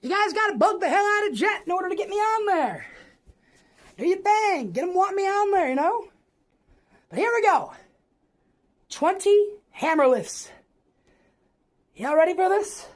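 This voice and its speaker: A man speaking in a high, squeaky put-on voice as a streamer, brash and swearing while he chats during a workout. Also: big pitch swings, a little slow, pauses often, full character voice. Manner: brash, swearing, teasing the chat. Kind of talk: live workout stream chat.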